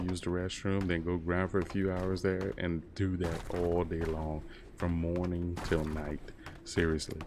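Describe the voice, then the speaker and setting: A man's voice: low-pitched, noisy background. A man in his thirties chatting casually while gaming on a stream, rambling and laid-back. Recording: keyboard clicks and typing behind.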